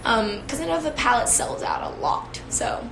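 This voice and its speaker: A woman's voice: a little high, huge pitch swings, moderate pace, creaky, background noise. A young woman chatting casually with viewers on a phone live stream, talkative and giggly, with lots of fillers. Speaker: beauty influencer. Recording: echoey room, faint ambience.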